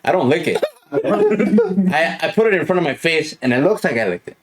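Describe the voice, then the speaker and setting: A young man in a relaxed podcast chat, telling stories with a lot of swearing and laughter. His voice sits slightly high for a man. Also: moderate pace, noisy background. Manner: profane, animated storytelling with laughter. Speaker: podcast host. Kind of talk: casual chat.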